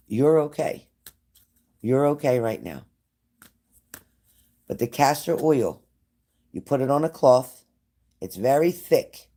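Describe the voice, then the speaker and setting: An expressive, warm male voice of medium pitch, slow and with frequent pauses. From his home, indoors by a glass sliding door, this psychic tarot reader gives a casual live-streamed reading straight to a viewer, often breaking off into chatty asides.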